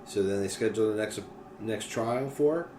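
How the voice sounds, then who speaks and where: A man's voice: lowish voice, normal speed, recorded from a distance. Swearing storyteller man in an echoey room. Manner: animated storyteller, swears freely. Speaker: podcast co-host. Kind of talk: casual chat. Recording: echoey room with faint noise.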